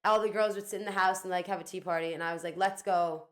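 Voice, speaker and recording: A woman's voice: lowish voice, steady tone, fast. A young woman co-hosting a podcast, telling rambling anecdotes full of "like" and quoted dialogue in casual chat. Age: young adult. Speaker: podcast co-host, daughter.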